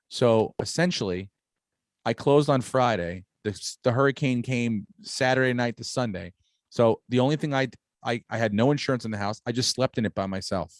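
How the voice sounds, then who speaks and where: Profane, animated man telling stories. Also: medium pitch, a little fast, no room sound, clean studio sound. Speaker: podcast host. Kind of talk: casual podcast chat. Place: home on Long Island, New York.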